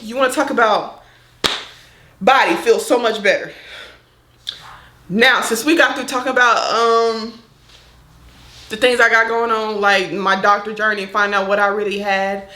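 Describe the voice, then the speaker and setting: Bright-voiced young woman vlogging frankly. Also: on the high side, echoey room. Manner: chatty, frank, speaks straight to viewers. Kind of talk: candid personal vlog.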